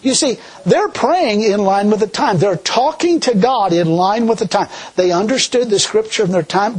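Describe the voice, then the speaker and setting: A middle-aged man preaching a sermon in a folksy, animated way, laughing often. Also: high voice, moderate pace, hardly any pauses, breathy edge, poor audio.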